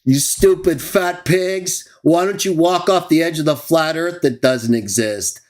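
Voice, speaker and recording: A man's voice: a little high, unhurried, darkish tone. A man hosting a live stream, ranting and mocking his critics with scornful laughs. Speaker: host of a live stream show. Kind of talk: heated live stream rant.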